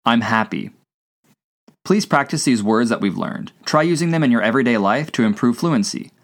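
A man hosting a scripted language-lesson podcast, asking questions and then repeating each answer slowly twice. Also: mid-range voice, expressive. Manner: slow repeated drills with pauses. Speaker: language teacher.

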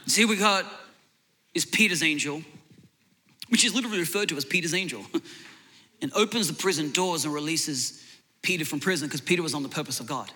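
A man's voice: on the high side, a little fast, long pauses, sharp tone. A man preaching a sermon with emphatic delivery. He often repeats words as he builds a point and makes jokey asides.

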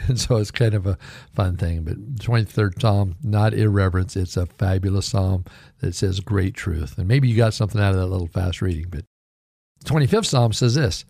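A man's voice: on the low side, moderate pace, gravelly, dark tone, no echo, studio quality. A man who is a pastor and radio host, giving a folksy, conversational devotional talk and reading scripture earnestly. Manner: folksy and conversational, jokes lightly; earnest, heartfelt prayerful reading.

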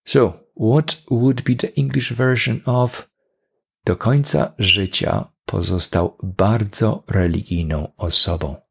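A man's voice: lowish voice, steady tone, takes it slowly, gravelly, slightly rough. A man with a Polish accent hosting a solo English-lesson podcast, explaining grammar with dry, self-deprecating humor. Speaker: podcast host and English teacher.

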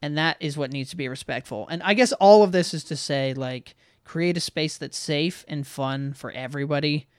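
A man's voice: a little high, normal speed, hardly any pauses, clean tone, dry recording, studio quality. Upbeat man chatting about tabletop games. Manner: animated, laughs often. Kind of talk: casual chat about tabletop gaming.

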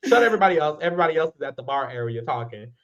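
A man's voice: a little high, sing-song, racing, fairly bright tone, highs cut off. A man co-hosting a podcast, recapping a reality show in casual chat, blunt and profane with sassy asides. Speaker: podcast co-host.

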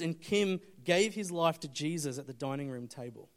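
A man preaching a sermon, telling a story and swinging between urgent loud appeals and hushed, intense moments. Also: a little high, lively intonation, normal speed. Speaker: pastor.

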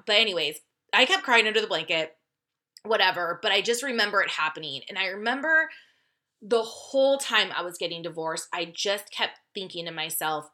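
A woman with a bright, forward voice tells a personal story on her podcast. She talks candidly and casually, swears without hesitation, laughs often mid-sentence, and addresses her listeners directly. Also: fairly low pitch, expressive, moderate pace. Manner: chatty, speaks straight to listeners. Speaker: podcast host.

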